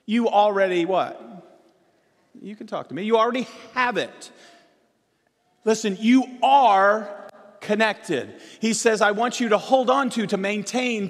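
A man preaching a sermon as pastor, rising to emphatic stressed words and dropping low and soft between them. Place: church sanctuary. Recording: long reverb of a church hall.

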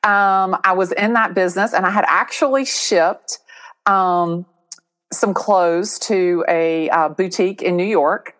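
A middle-aged woman from Atlanta, a real estate agent telling her story as an interview guest in a lively, chatty way, acting out the voices of the people in it. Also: fairly low pitch, unhurried. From Atlanta, USA. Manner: animated, acts out quoted voices, laughs often.

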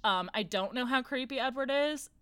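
A woman's voice: sits high, normal speed, fairly bright tone, no echo. A woman co-hosting a casual book discussion, sarcastic and mocking, acting out characters' lines.

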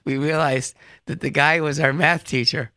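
A man's voice: a little high, steady tone, normal speed, bright, forceful tone, dry recording, clean studio sound. A man hosting a call-in radio show, chatty and encouraging, often repeating his phrases.

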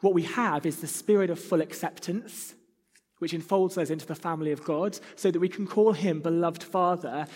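An earnest man preaching a sermon, his slightly high voice a little husky. The sound rings with a long hall reverb, as if in a church. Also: moderate pace, darkish tone. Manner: earnest, acts out whiny child voices.

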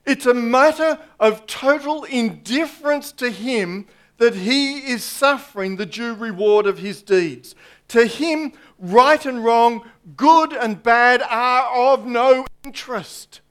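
A man preaching a sermon in a slow, emphatic way, pausing for effect and dropping his voice low on key points. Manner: slow, emphatic preaching with dramatic pauses and drops to a hush.

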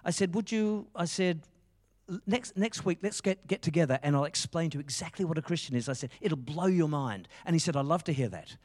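Passionate preacher, high-set voice. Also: male voice, animated, fairly quick, a little mellow, in a large hall. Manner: passionate, storytelling with quoted dialogue. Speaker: pastor. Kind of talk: sermon.

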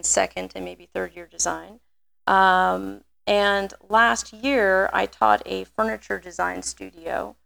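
A woman in middle age delivers an academic lecture on design education. Her voice has a strong gravelly fry at mid pitch, and she thinks out loud with frequent ums. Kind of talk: lecture talk.

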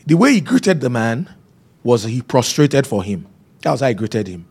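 A man's voice: mid-range voice, very animated, normal speed, gravelly, a little mellow, husky. A man preaching a sermon, telling stories and repeating key phrases for emphasis. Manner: storytelling, emphatic repetition.

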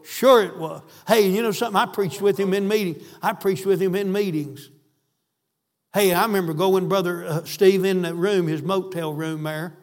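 A man's voice: high-pitched, steady tone, normal speed. A man preaching a sermon, fervent and emphatic, repeating phrases for stress. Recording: echoey hall.

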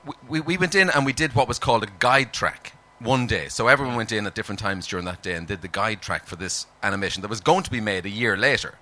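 A man's voice: on the low side, quick pace, few pauses, pushed and bright. A man, an actor, chatting as an interview guest in a dry, rambling way, hesitant and full of fillers. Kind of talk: casual interview chat.

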